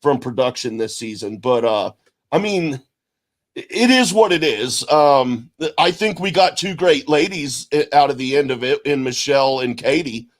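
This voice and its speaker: A man co-hosting a podcast in casual chat, speaking bluntly and haltingly and restarting his sentences. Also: medium pitch, animated. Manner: halting and blunt, with frequent restarts and mild swearing. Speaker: podcast co-host.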